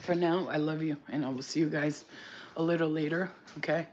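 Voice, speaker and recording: A man's voice: on the high side, steady tone, fairly quick, lo-fi sound, background noise. A man in a casual livestream chat, giving spiritual readings in a blunt, chatty way and swearing freely.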